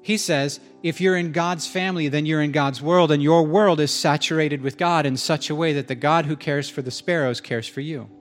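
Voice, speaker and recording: A man delivers a sermon in a church hall, talking to the congregation like a friend and joking with them as he goes. His voice sits a bit high for a man. Soft instrumental music plays faintly underneath. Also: moderate pace, few pauses. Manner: conversational, animated, joking with the congregation. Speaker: pastor.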